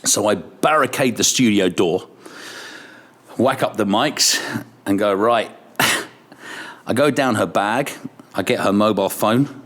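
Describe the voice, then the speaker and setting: A man's voice: lowish voice, takes it slowly, pauses often. A middle-aged man, a radio presenter and podcast guest, telling casual, self-deprecating stories. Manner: animated, self-deprecating storyteller.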